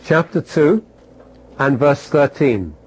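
Husky-voiced male preacher. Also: fairly high pitch, lively intonation, takes it slowly, rough recording. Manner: repeats phrases for emphasis, asks listeners questions. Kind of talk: sermon.

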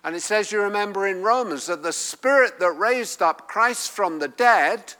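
A man's voice: high-pitched, normal speed, few pauses, pushed and bright. A man preaching a sermon who explains the Greek text and repeats his key phrases for emphasis. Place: church hall with congregation. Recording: long hall reverb.

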